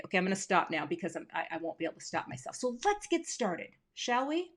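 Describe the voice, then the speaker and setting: A woman's voice: mid-range voice, lively intonation, brisk, a bit bright. A woman hosting a casual live crafting tutorial from her home craft room on a webcam, chatty and playful, with self-deprecating asides. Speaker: craft teacher hosting a livestream.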